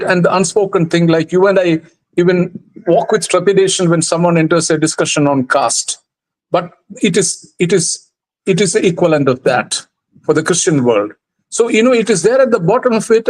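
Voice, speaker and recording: A man speaking as a guest commentator in a panel discussion, thoughtful and measured, with frequent restarts. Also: sits high, poor audio.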